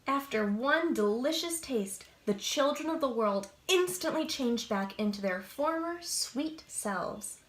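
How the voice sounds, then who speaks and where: A woman librarian reading a picture book aloud to preschoolers, slow and expressive, asking the children questions. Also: sits high, echoey room. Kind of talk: preschool story time read-aloud.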